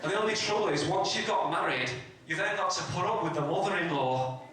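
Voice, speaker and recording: A man's voice: sits high, animated, a little fast, background noise. A man doing stand-up, telling one short family joke after another on stage. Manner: telling a string of mother-in-law and family jokes. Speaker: stand-up comedy contestant. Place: community hall stage. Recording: echoey hall from far off.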